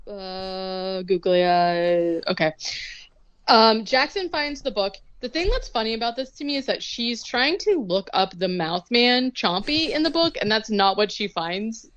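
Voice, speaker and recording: A chatty woman co-hosting a podcast, talking casually and laughing as she acts out bits of what she describes. Her voice sits at a middling pitch. The recording is dry and a little dull. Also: lively intonation, unhurried, a bit bright, no echo. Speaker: podcast co-host. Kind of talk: casual chat, recapping a film.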